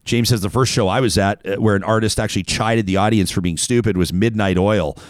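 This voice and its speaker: A man's voice: fairly low pitch, fairly even intonation, fairly quick, no room sound, studio quality. A man hosting a talk radio show, chatting casually, reading listener messages and sponsor spots, often restarting his sentences. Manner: conversational, frequent restarts and filler words. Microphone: studio microphone.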